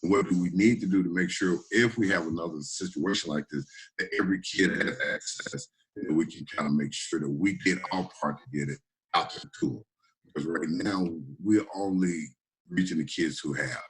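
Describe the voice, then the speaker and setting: A man's voice: sits low, fairly quick, husky, low-quality recording. A man, a middle school principal, talking earnestly and informally in a panel discussion over a video call, often repeating words as he goes.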